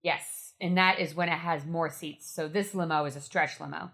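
Woman, low-pitched, casual chat, matter-of-fact, anecdotal. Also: fairly even intonation, normal speed, creaky, a bit bright.

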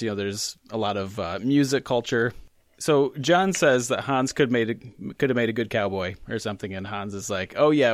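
A man's voice: medium pitch, no room sound, studio quality. A man co-hosting a casual podcast chat, rambling and joking as he corrects himself. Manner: rambling, self-correcting, jokey. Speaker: podcast co-host.

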